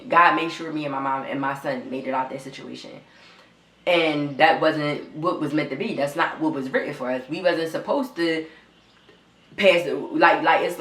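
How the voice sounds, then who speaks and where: Young woman vlogger, low voice, near tears, raw and repetitive, echoey room. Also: a bit bright. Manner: raw, repetitive, swears often, talks straight to viewers. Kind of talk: emotional storytime vlog.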